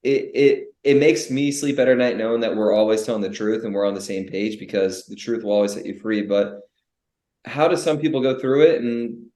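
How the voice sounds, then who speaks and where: A young man co-hosting a business podcast, animated and full of rhetorical questions, often restarting his sentences. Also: fairly low pitch, fairly quick. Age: young adult. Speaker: podcast co-host. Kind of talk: casual business podcast chat. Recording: echoey room.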